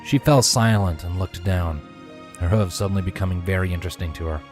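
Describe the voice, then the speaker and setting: A man reads a fanfiction story aloud in a very low voice, with measured first-person narration. He drops to a hush for his character's lines. Faint music plays beneath him. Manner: measured first-person narration, dropping to hushed whispers for dialogue. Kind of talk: fanfiction audiobook reading.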